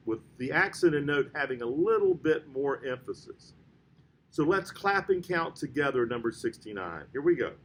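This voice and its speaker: A man's voice: mid-range voice, a little hiss or hum. Patient man teaching trombone in an echoey room. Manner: patient, counts aloud and names notes slowly. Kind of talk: step-by-step music lesson.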